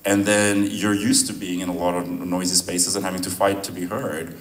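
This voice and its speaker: Filmmaker at a post-screening Q&A: man, very low voice, relaxed and rambling, caught roomy and a bit distant. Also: moderate pace. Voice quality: relaxed, rambling, laughs often. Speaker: filmmaker answering audience questions. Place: venue hall at a screening. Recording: roomy sound from a distant mic, faint noise.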